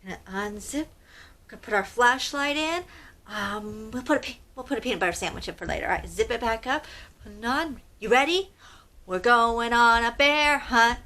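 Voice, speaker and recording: A woman's voice: a little high, normal speed, sharp tone. A woman hosting children's storytime, reading aloud expressively in a sing-song way and asking the kids questions. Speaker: storytime host.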